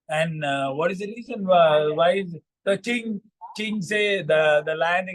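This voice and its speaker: A man hosting a morning vlog, narrating a moral fable in a halting way with many fillers and repeats. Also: high voice, rough recording. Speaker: vlog storyteller.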